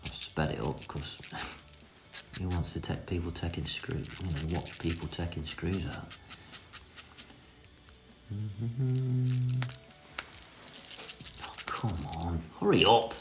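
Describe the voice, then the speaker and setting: A man with a very deep, gravelly voice talks through a repair job with cheeky, self-mocking asides. The room sounds echoey, with music playing behind him. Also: fairly even intonation, measured pace. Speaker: vintage reel restorer. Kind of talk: casual hands-on repair tutorial.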